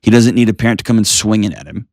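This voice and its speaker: American guy hosting advice show, low voice, calm and earnest, asks lots of questions, dry close mic. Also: rapid-fire, no room sound. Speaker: host giving advice. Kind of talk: advice call-in talk.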